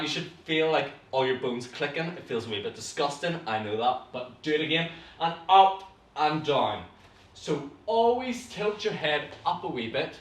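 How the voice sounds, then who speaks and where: A young Northern Irish man teaches a beginners' acting class with bright, encouraging energy. His voice rings around an echoey studio room, picked up from some way off the mic. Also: fairly high pitch. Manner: lively, encouraging, coaching warm-ups aloud. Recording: roomy echo, from a distance.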